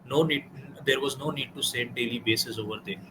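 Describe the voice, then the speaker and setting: A man's voice: mid-range voice, fairly quick, pushed and bright. Indian male English tutor, direct and corrective, noisy line. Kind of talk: spoken English practice session with feedback.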